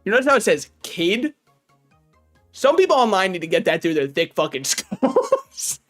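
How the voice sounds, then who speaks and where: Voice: mid-range voice, sing-song, normal speed, soft background music. A streamer giving casual gaming commentary, joking, swearing freely and talking back to chat and the game's characters. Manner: talks to chat and game characters.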